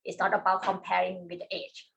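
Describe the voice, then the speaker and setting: A woman from Thailand, a dancer speaking as a guest on an online panel, in a halting way. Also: fairly low pitch, little pitch movement, creaky, a bit bright, rough recording. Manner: halting, with many fillers and restarts.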